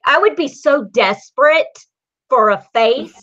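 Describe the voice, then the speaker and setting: A woman in her forties hosting a casual comedy podcast, crude and animated, with a dull lo-fi sound. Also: high voice, measured pace. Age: 40s. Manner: loud, crude, animated storytelling. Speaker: podcast host.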